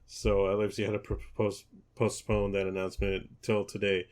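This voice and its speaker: Low-voiced man hosting a football podcast. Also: a little fast. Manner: relaxed, hesitant, many ums and restarts. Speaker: podcast host. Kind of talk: casual football podcast chat.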